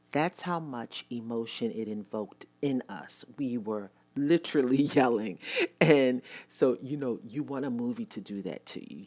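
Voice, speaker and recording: A woman's voice: rumbling low, a little mellow. A woman giving a casual vlog movie review, chatty and opinionated, often talking straight to her viewers. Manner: chatty, addresses viewers directly; emphatic and opinionated.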